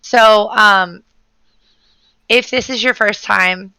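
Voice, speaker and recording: Gravelly, bright-voiced woman hosting a stream. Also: mid-range voice, slow pace, no echo, rough recording. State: under the weather. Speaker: meeting host. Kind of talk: livestream community meeting.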